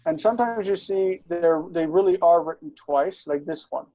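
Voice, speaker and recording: A man's voice: a little high, normal speed, dark tone, no echo, muffled recording. A man tutoring one student in biblical language, patiently correcting pronunciation and explaining accents with short affirmations. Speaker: Hebrew and Aramaic tutor.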